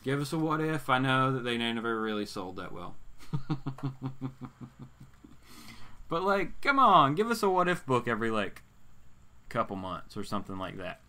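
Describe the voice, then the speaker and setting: A man's voice: mid-range voice, sing-song, normal speed, pauses often, pushed and bright. A man hosting a casual comics talk stream, reading out viewer comments and rambling through his opinions with plenty of fillers and restarts. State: hiccups. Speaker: host of a comics talk show.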